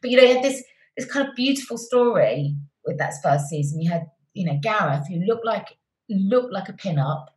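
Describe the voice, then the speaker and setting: A middle-aged woman, a TV presenter as interview guest, telling stories warmly and effusively with many restarts. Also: medium pitch, expressive, moderate pace. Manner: warm, effusive storytelling with restarts. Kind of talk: conversational interview. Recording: roomy echoey sound.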